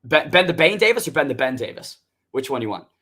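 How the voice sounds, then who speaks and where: A man's voice: medium pitch, very animated, fast, a bit bright, husky. A man giving confident, casually profane fight analysis as a podcast guest.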